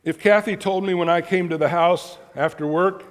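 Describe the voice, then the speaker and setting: A middle-aged man preaching a sermon as pastor, animated and repeating words for emphasis. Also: high-pitched, moderate pace. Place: church sanctuary. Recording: long church reverb.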